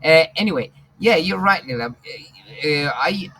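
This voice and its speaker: A man's voice: fairly high pitch, lively intonation, measured pace, pushed and bright, slight background noise, low-quality recording. A man who grew up in England, teaching an online English class and talking with many fillers and restarts. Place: home, online video call. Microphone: computer mic on video call.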